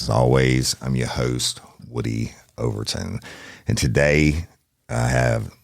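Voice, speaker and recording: A man hosts a true crime podcast from a studio, speaking in a blunt, folksy way. His voice sits extremely low and has a gravelly rasp. The sound is dry and close, with no room echo. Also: normal speed. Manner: blunt, folksy, swears casually. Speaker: podcast host.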